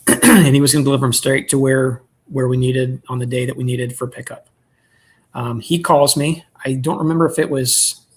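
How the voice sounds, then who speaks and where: A man who keeps bees, telling a story in relaxed, rambling chat and clearing his throat often. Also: mid-range voice. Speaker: beekeeper selling nucleus colonies.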